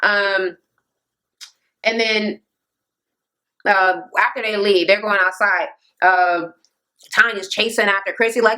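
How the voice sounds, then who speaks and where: A woman giving a loose, animated, profane recap of a reality TV episode, with lots of ums and uhs. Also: medium pitch, takes it slowly, pauses often. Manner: animated, profane, jumps into quoting people. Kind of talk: casual recap commentary.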